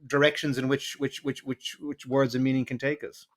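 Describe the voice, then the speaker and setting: A man's voice: medium pitch, little pitch movement, normal speed. A man hosting an interview, rambling and repeating words as he searches for phrasing. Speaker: podcast host. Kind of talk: conversational interview.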